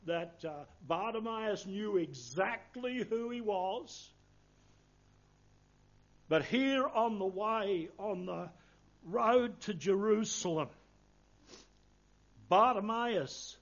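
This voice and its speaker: A man's voice: sits high, lo-fi sound. A man preaching a sermon, earnest and emphatic, quoting scripture in old-fashioned wording.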